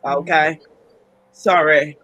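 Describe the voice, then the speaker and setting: A woman's voice: sits low, fairly even intonation, very slow, fairly bright tone, rough recording. A woman on a casual panel discussion, talking emphatically and ranting about a couple.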